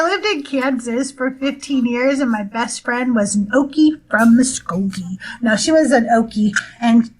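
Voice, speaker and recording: High-pitched woman host, chatty and quick to laugh, casual live-stream talk. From California. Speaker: host of a call-in show.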